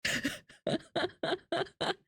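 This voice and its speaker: A woman voicing a goofy, solemn mock preacher with a put-on Italian accent and a slow, drawn-out sermon cadence. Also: fairly bright tone, no echo, studio quality.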